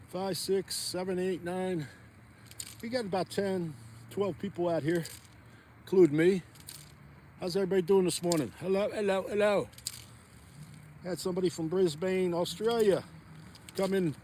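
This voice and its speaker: A man's voice: high-pitched, steady tone, unhurried, long pauses, warm tone, slight background noise. A man, chatting rambly to viewers while ice fishing outdoors on a frozen pond. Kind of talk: casual outdoor vlog chat.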